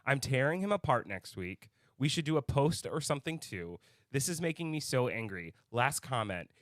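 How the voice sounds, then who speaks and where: A man's voice: medium pitch, a bit bright, no room sound, studio quality. A man co-hosting a podcast in casual chat, telling a story with heated anger and frequent swearing. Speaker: podcast co-host.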